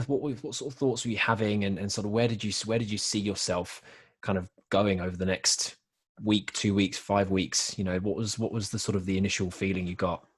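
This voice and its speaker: Podcast host, man, husky low voice, fumbling gently for his questions. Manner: searching for words, repeats himself. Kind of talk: interview questions in casual chat.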